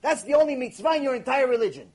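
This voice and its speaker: A rabbi delivers a Torah lesson in a fairly high, slightly husky male voice. He tells his story with emphatic energy and keeps posing rhetorical questions to his listeners. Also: rapid-fire. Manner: emphatic, animated anecdote telling with rhetorical questions.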